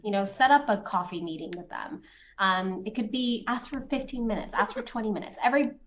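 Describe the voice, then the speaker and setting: This is a middle-aged woman speaking at an ordinary, mid-range pitch. She answers interview questions as a lawyer, telling stories in a relaxed, chatty way with small laughs. Faint clicks and light noise sit under her voice. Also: a little fast.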